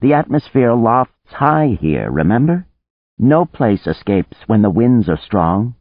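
A man's voice: mid-range voice, very animated, a little slow, no room sound, voice pushed up. A man reading an audiobook, voicing a stubborn preservationist who insists and lectures. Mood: insistent. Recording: narrow phone-like band, dry.

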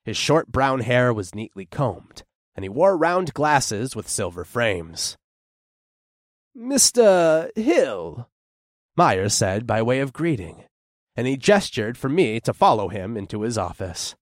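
With a measured pace, a mid-pitched male narrator reads a descriptive first-person audiobook, his intonation animated and ranging widely. The recording is close-miked and dry, free of room echo.

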